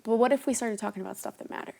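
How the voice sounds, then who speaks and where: Earnest woman in her twenties, slight fry. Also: on the high side, rapid-fire, mellow. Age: 20s. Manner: earnest and emphatic, with laughs. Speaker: guest, impact travel influencer. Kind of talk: casual interview talk.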